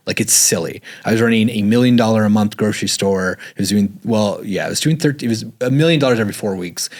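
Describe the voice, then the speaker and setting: A man telling stories casually in an interview, rambling and full of "like" fillers. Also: fairly low pitch. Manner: rambling, filler-heavy, says "like" often; animated when retelling dialogue. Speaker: guest.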